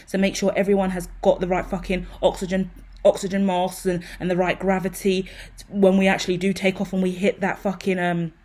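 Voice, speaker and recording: A woman's voice: lowish voice, darkish tone. A woman giving an improvised tarot reading, rambling and intense, swearing freely as she talks. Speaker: tarot reader.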